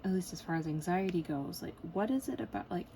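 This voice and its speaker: A crafting vlogger chats casually and rambles while working on a diamond painting at home, her speech full of fillers and little laughs. Her voice is lowish, warm and lively, and she talks quickly. The low-quality recording has slight background noise.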